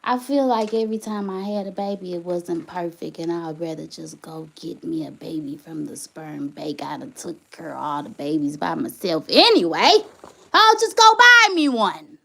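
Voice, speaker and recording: A woman's voice: fairly low pitch, lively intonation, normal speed, vocal fry, bright, forceful tone. A woman hosting her own channel, venting with passion in a live stream, firing off repeated rhetorical questions and reading viewer comments aloud. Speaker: channel host, single mother. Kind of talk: emotional livestream venting.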